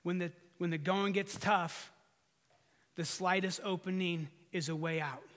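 A man with a fairly high voice preaches to his congregation, talking to them like friends. He pushes his voice up for emphasis, then drops it low and soft. His words ring out with a long reverb from a large sanctuary. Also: fairly even intonation, a little slow. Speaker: pastor. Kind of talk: sermon.

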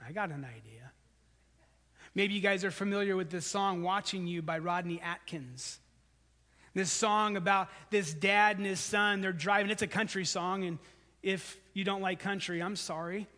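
Pastor, male, higher-pitched voice, conversational sermon delivery with lifts for emphasis and soft low drops, long hall reverb. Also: normal speed. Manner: conversational preaching, rising for emphasis then dropping low and soft.

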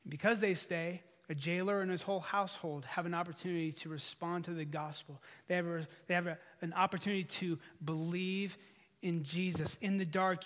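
A man with a fairly high voice preaches to his congregation, talking to them like friends. He pushes his voice up for emphasis, then drops it low and soft. His words ring out with a long reverb from a large sanctuary. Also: fairly even intonation, brisk. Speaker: pastor. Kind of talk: sermon.

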